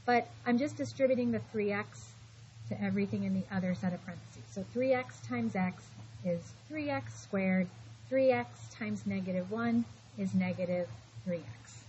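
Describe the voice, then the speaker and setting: A woman's voice: medium pitch, moderate pace, darkish tone, slight background noise. Middle-aged woman, math teacher, classroom lecture, patient, reassuring, slightly muffled classroom recording. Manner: patient, reassuring, talks students through each step.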